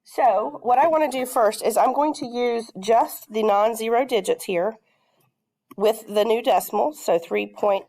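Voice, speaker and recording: A woman's voice: a little high, a little slow, warm tone. Patient woman teaching a math class. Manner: patient, checks in with questions. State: coughing, throat catching.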